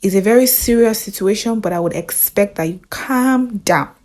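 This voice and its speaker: A Nigerian woman voicing a male doctor who speaks slowly in hushed, breathy tones. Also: medium pitch, close to an everyday voice. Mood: grave. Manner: slow, hushed, breathy whispers. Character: grave male doctor breaking bad news.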